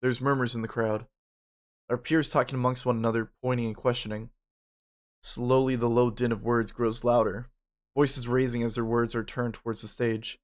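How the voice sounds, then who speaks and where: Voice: mid-range voice, level tone, normal speed. A narrator reading a story game aloud in the first person, with casual asides.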